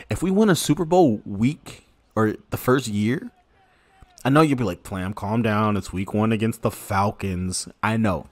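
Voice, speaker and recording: A man streaming a football video game, giving excitable, slangy live commentary and talking to his viewers. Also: medium pitch. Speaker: gaming streamer. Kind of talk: casual live gameplay commentary.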